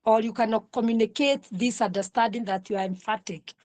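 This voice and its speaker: A woman lecturing an online counselling class in a deliberate way, repeating her points and asking the class questions. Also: on the high side, steady tone, a little mellow, no room sound.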